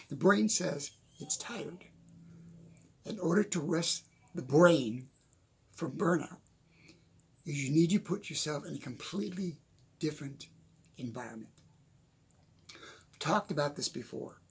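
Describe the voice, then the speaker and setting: Guy at his desk at home doing an off-the-cuff motivational talk, gravelly, a bit high, laughs a lot. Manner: chatty, laughs often, repeats "okay?". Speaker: motivational speaker. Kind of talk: casual unscripted motivational talk.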